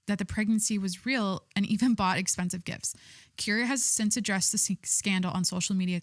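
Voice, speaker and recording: Young woman podcast host, casual rambly chat, lots of likes, mid pitch, dry close sound. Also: dry recording. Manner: chatty and irreverent, with many likes and restarts. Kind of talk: casual solo podcast chat, reading news aloud.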